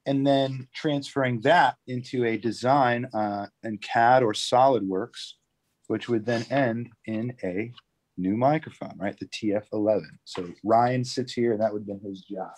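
A man's voice: medium pitch, unhurried, a little mellow, poor audio. A man guiding a live virtual tour through a microphone factory, explaining technical details casually with frequent fillers and check-ins.

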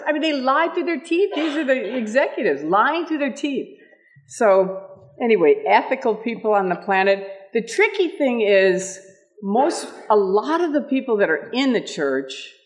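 An older woman giving an animated storytelling talk at an event, laughing often and acting out the people she quotes. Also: mid-range voice. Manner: lively, laughs often, acts out quoted voices. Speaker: speaker at an event. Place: meeting room with audience.

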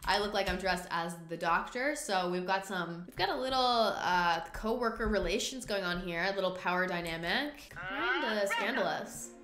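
A woman hosting a gaming video, giving excitable let's-play commentary with frequent swearing and joking self-mockery. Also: medium pitch, normal speed, hardly any pauses. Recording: roomy room sound.

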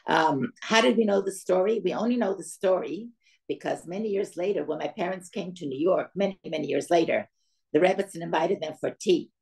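A woman's voice: fairly low pitch, brisk, vocal fry, a little mellow, poor audio. An older woman giving a talk to an audience, telling a family story and acting out the voices of the people in it. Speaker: guest speaker.

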